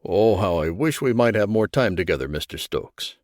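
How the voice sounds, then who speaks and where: A man doing a low, soft-spoken mysterious stranger. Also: expressive, dry recording, clean studio sound, lightly acted. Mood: calm, amused. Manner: unhurried, faintly amused. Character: stranger, older man, calm and enigmatic.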